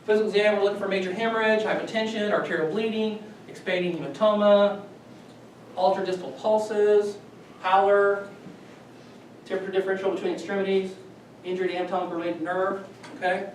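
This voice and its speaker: A man's voice: high voice, little pitch movement, fairly quick. A man teaching a class, conversational and checking in with "okay" often. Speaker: lecturer. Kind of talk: classroom lecture. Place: lecture classroom. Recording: echoey room from far off, faint noise.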